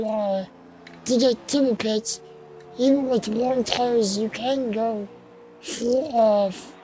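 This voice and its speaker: A woman commentating an online sim race, slow and halting, with fillers and restarts, and she has the hiccups. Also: fairly high pitch, warm tone, slight background noise, rough recording.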